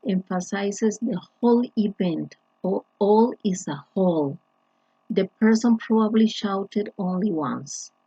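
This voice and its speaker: Female English teacher, slow deliberate delivery, husky tone, dull dry lo-fi recording. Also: mid-range voice, warm tone, no room sound. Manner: slow, deliberate, with frequent restarts and fillers. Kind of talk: grammar lesson explanation.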